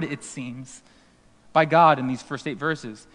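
A pastor delivers a sermon with lively storytelling, briefly voicing the people in the passage. His voice sits a little high for a man. A long reverb trails each phrase, as in a big hall. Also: a little slow. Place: school auditorium used for worship.

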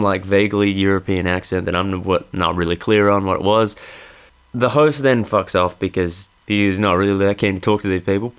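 A young Australian man telling a comic story in a monologue, sweary, exasperated and laughing as he goes. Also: lowish voice.

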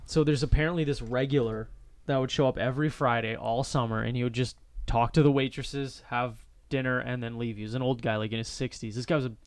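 A man in his twenties chatting casually, reacting fast with laughs and short comments. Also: medium pitch, fairly even intonation, clean tone, dry recording. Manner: laughs often, quick reactive interjections. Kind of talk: casual storytelling chat.

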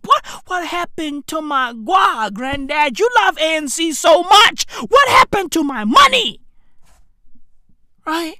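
A woman delivering a brash, slang-filled comedic rant with shouted bursts. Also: high voice, no echo, clean studio sound. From South Africa.

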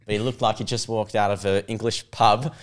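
A man's voice: fairly low pitch, a little fast. Australian young man telling a story. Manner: animated, laughs through his story. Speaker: podcast guest. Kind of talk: casual storytelling.

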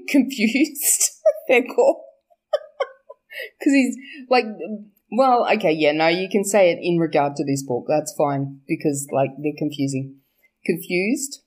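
A woman's voice: lowish voice, lively intonation, takes it slowly, pauses often. A young woman, chatting casually about her book's characters, laughing often, swearing and correcting herself as she goes. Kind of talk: casual chat.

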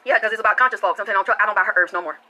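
Fast, bright-voiced woman telling it straight. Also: mid-range voice, poor audio. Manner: blunt, profane, emphatic storytelling. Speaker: podcast host. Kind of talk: storytelling commentary.

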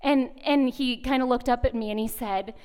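A woman in her thirties speaking at a retreat, telling a lively story as a sermon and acting out voices in the quotes. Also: fairly high pitch, moderate pace, smooth.

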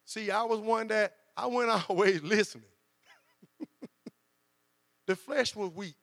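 A man's voice: high voice, slow, fairly bright tone, studio quality. A man preaching a sermon, acting out quoted voices as he goes. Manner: conversational preaching with dramatized quotes. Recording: long hall reverb with mains hum.

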